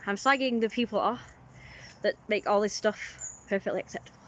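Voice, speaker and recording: A woman's voice: mid-range voice, fairly quick, a bit bright, highs cut off, slight background noise. A young British woman livestreaming a casual, rambling opinion rant, often mocking others in put-on voices.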